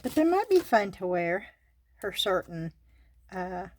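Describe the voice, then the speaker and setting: A woman's voice: medium pitch, sing-song, a little slow, a little mellow, a little hiss or hum. An older woman with a Southern US accent, hosting a casual craft unboxing and chatting to her viewers with frequent giggles. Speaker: craft channel host.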